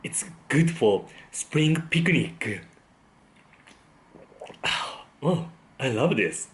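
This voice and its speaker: Man, food vlog host, casual tasting talk, appreciative hums, lively intonation. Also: medium pitch, very slow. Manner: savoring, frequent appreciative hums. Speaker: food vlogger.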